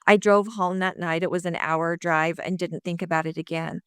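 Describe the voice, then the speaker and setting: A middle-aged woman speaks in a low, smooth, resonant voice, recorded dry and close. She tells her story candidly and earnestly, voicing her past thoughts as she goes. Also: moderate pace, no echo. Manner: earnest, lively retelling with quoted inner thoughts. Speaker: guest sharing her recovery story.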